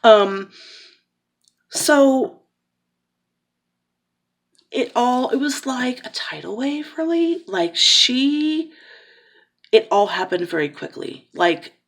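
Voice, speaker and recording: Gravelly woman in her forties, candid vlog. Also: on the high side, lively intonation, slow, long pauses. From Cincinnati, Ohio. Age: 40s. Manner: raw, rambling, emotional, with fillers and restarts. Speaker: vlogger, caregiver daughter.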